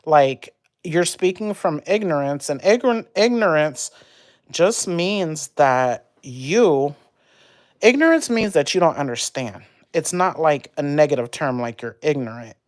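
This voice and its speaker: A young woman chatting casually on a livestream, rambling and animated as she vents about an argument. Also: low-pitched, a little slow, dry recording, studio quality. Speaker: livestream host.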